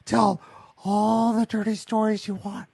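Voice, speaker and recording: A man hosting a podcast in casual, profane banter, his voice hoarse and raspy. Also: high-pitched, little pitch movement, measured pace, a little mellow, no room sound. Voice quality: raspy, gravelly. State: hoarse, strained voice. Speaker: podcast host. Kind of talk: casual chat.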